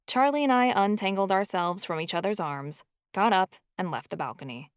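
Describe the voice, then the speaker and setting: A woman narrates a first-person audiobook in a storytelling delivery. Her voice sits a little low. The recording is dry and close, with no room sound. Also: brisk, hardly any pauses, smooth, dry recording.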